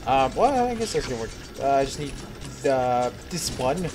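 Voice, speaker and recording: A man's voice: mid-range voice, sing-song, normal speed, music in the background. A young man talking to himself while playing a game, rambling, giggling and swearing. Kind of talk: let's play commentary.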